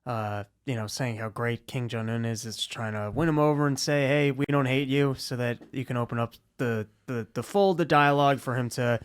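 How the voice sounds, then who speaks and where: Hesitant man with a smooth voice. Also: mid-range voice, fairly even intonation. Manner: hesitant, halting, many fillers. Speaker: podcast co-host. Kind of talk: casual podcast chat.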